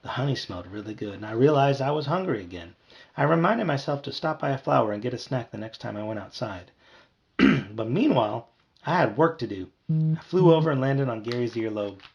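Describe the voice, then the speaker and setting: A man reads a children's chapter book aloud with lively ups and downs in his pitch. His voice has a gravelly edge, and the recording sounds a little dull and muffled. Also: brisk. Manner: lively, voices characters with higher shouts. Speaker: audiobook reader.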